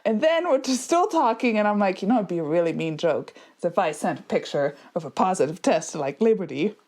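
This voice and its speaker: A woman in her thirties co-hosts a podcast, telling stories in casual chat with an animated energy, frequent laughter and quick asides. Her voice is on the low side.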